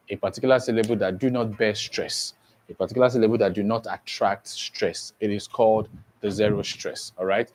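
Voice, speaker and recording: A man teaching a class for an exam, who repeats key phrases and keeps checking that students follow. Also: fairly low pitch. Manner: repetitive, checks understanding often. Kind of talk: exam prep lesson.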